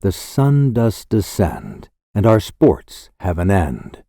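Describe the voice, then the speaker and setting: Slow, lilting male poetry reader. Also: low voice, huge pitch swings, vocal fry, warm tone, no echo, clean studio sound. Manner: slow, measured, lilting recitation. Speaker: audiobook narrator. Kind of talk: scripted poetry reading.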